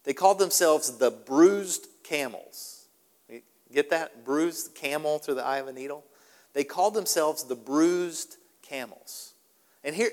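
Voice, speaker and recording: A male pastor delivers a sermon emphatically, repeating key phrases for stress. His voice sits fairly high. The sound rings with the long reverb of a large hall. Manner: animated, repetitive, emphatic.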